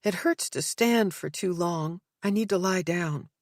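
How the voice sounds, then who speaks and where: A woman's voice: lowish voice, a little slow, no room sound, clean studio sound, natural voice. A woman voicing a sleepy, guarded teenage girl in an audiobook, with short, terse replies. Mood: drowsy, guarded.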